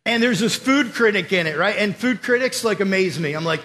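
A young adult man giving a casual, energetic sermon, telling stories and acting out the voices he quotes. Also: high voice, brisk, a little hiss or hum.

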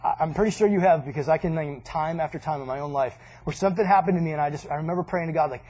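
A man gives a casual, conversational sermon in a fairly high voice. His tone is husky, and he jokes along the way and acts out what people say. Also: very fast, hardly any pauses, a little mellow. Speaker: pastor.

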